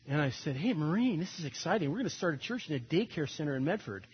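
A man's voice: a little high, animated, quick pace, hardly any pauses, breathy edge, dull audio. An older man preaching a sermon, telling stories animatedly and acting out quoted voices. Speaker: pastor.

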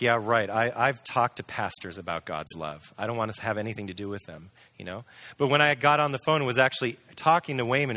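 Man, personal testimony, earnest, candid, bright tense voice, dry. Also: medium pitch, no room sound. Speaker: testimony speaker.

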